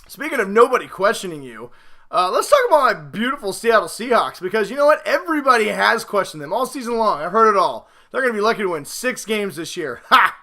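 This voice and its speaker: A podcast host runs a casual football talk show, very animated and fast, rambling and mocking himself. He swings from loud hype to low mutters.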